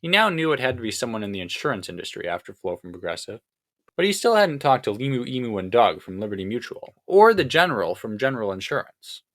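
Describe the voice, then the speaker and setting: A man's voice: mid-range voice, very animated, fast talker, a bit bright. A man narrating a comic crime story aloud with a straight face. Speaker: audiobook narrator.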